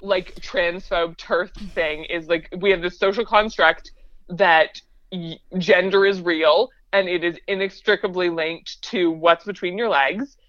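A woman co-hosting a casual podcast chat, talking fast and laughing often. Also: on the low side, steady tone, fairly bright tone, dry recording, highs cut off. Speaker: podcast co-host.

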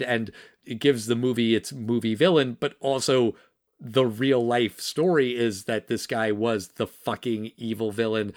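A man's voice: medium pitch, dry recording, clean studio sound. A man co-hosting a casual film podcast, talking bluntly and passionately, with frequent swearing. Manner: impassioned, blunt and profane. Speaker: podcast co-host.

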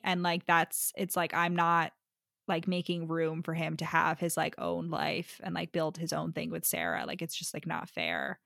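A woman's voice: low-pitched, normal speed, creaky, a bit bright, no echo, studio quality. A woman co-hosting a casual book chat podcast, talking loosely and candidly with frequent fillers and casual swearing. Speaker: podcast co-host.

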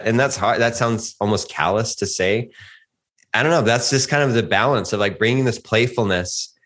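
A man's voice: on the low side, a bit bright. A man in his forties co-hosting a podcast, chatting casually in a rambling, reflective way with frequent laughs. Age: 40s. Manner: rambling, reflective, laughs often, restarts sentences. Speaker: podcast co-host. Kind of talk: casual chat.

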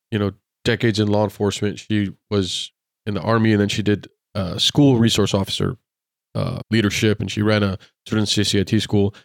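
Lowish man telling lively anecdotes. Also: no room sound, clean studio sound. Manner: acts out quoted dialogue in lively anecdotes. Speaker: podcast guest, former police officer. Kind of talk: casual storytelling in conversation.

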